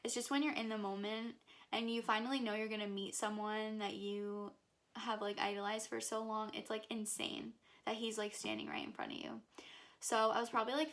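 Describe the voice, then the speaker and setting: Young woman vlogging, gushy and excited, says like constantly, slightly high voice. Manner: gushing, filler-heavy with constant "like". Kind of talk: excited personal story vlog.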